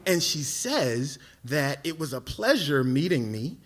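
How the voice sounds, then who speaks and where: A man telling a comic personal story live on a theatre stage, animated and self-mocking, tripping over himself with quick repeats. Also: a little high, slight background noise.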